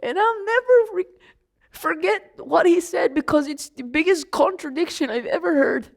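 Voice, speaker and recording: A woman's voice: very high-pitched, animated, normal speed. A woman playing the young apostle John, a grieving and indignant man, in a dramatic first-person monologue, talking straight to the listener.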